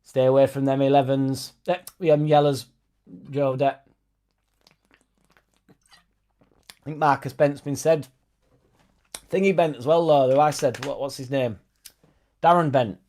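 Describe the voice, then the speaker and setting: A man's voice: medium pitch, steady tone, unhurried, long pauses, dark tone. A young man hosting a football fan live stream, chatting loosely and reading out viewers' comments with sweary, joking banter.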